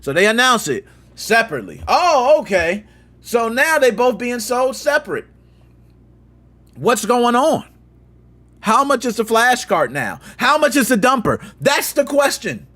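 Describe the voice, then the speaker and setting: A man hosting a gaming channel, telling a story in slangy, lively commentary and acting out quotes with sound effects. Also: extremely high pitch, unhurried.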